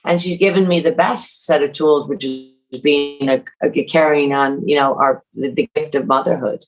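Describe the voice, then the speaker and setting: A middle-aged woman talking casually as an author and guest on a podcast, animated and acting out family quotes. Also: sits low, normal speed, rough recording.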